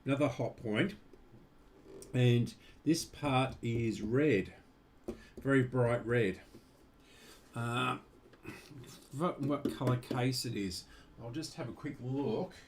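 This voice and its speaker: A man's voice: medium pitch, slow, long pauses, slight background noise. A man casually showing off his vintage radios, rambling with fillers and asides. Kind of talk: casual show-and-tell vlog.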